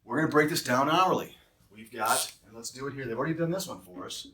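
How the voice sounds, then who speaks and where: A man's voice: medium pitch, quick pace, bright, forceful tone. Heated man explaining pay, echoey room. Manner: heated, emphatic, repetitive. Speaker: travel nurse staffing recruiter. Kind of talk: explanatory walkthrough with a rant. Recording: roomy echo, distant mic.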